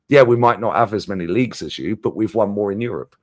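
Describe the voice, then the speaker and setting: A man with a London accent holds forth in a casual football chat, his voice fairly low. He rants in long, sweary tangents as a panelist. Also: lively intonation. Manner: ranting, sweary, fast-flowing.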